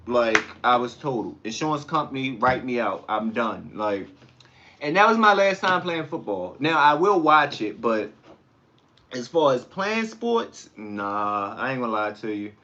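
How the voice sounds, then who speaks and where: A man hosting a casual livestream, chatting with viewers and telling stories in a slangy, animated way. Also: medium pitch, measured pace, muffled recording. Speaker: livestream host. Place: home kitchen.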